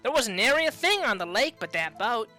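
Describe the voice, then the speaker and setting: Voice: medium pitch, sing-song, a little fast, pushed and bright, soft background music. A streamer voicing a brash country woman witness with a put-on drawl. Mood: grumbling. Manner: drawling, folksy. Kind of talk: reading game dialogue aloud.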